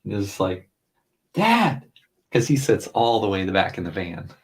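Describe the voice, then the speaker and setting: A middle-aged man chatting casually as a co-host while drawing, telling animated stories and mimicking voices. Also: a little fast. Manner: animated storyteller, mimics voices with big pitch jumps. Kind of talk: casual chat.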